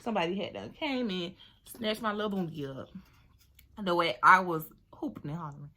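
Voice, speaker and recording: A young woman telling a casual storytime to viewers while doing her hair, chatty and animated. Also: lowish voice, fairly quick. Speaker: beauty vlogger.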